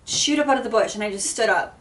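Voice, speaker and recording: A woman vlogger telling a dramatic story time, animated and salty with swearing. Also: fairly high pitch, fast. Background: background music.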